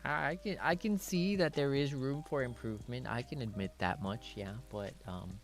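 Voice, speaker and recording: A man's voice: medium pitch, normal speed, faint music behind. A man hosting a casual chat stream, reading viewer messages in a playful, giggly way and mixing English and Japanese with cat-like "nyan" sign-offs. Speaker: streamer host.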